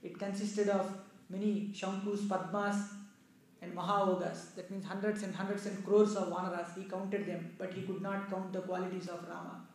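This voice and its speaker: A man in a heavily echoing room retells a sacred epic in earnest, explanatory storytelling. His voice sits fairly high and breaks off for asides to listeners. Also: level tone, normal speed, darkish tone. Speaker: religious storyteller. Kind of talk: devotional storytelling.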